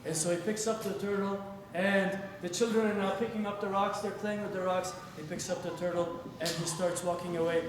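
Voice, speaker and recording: A man tells a story to a study circle in an animated way, changing his voice for each character. His voice sits high. He sounds far from the mic in a large echoing hall, with faint noise in the background. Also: brisk, hardly any pauses. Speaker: religious teacher. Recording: echoey hall, heard from far off.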